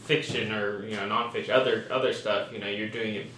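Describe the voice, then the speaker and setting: A man thinks out loud in a casual discussion, hesitating and restarting as he searches for his words. He sounds distant from the mic. An echoey room and faint ambient noise sit behind him. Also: fairly low pitch, fairly even intonation, fairly quick. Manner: hesitant, full of fillers and restarts. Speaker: study participant.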